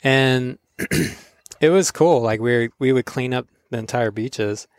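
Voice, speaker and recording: A man's voice: mid-range voice, takes it slowly, no echo, clean studio sound. A man from Florida, a pro surfer hosting a podcast, telling stories casually with lots of laughing and acted-out voices. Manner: laughing, animated, acts out voices in his stories. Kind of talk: casual storytelling chat.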